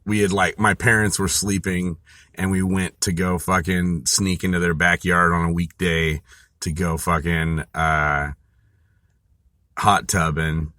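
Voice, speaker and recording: Deep-voiced man telling a rambling profane story. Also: level tone, a little slow, pushed and bright, no echo, clean studio sound. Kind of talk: casual storytelling monologue.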